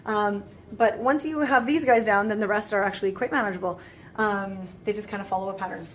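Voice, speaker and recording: A woman's voice: mid-range voice, fairly even intonation, fairly quick, slight background noise. A woman giving a casual French grammar lesson, chatty and full of fillers, with playful exasperated asides. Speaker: French teacher. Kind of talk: casual screen-recorded lesson.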